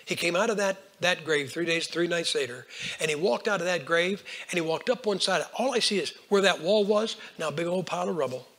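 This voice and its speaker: An older man preaching a folksy storytelling sermon, swinging between hushed lines and loud bursts. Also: sits high, fairly quick. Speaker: Baptist preacher.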